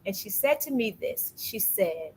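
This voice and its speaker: A woman talks casually about faith, telling a personal story with lively energy. She acts out the voices of people she quotes. A faint background hum sits under her voice. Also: mid-range voice, unhurried, rough recording. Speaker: podcast host. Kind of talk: casual faith testimony chat.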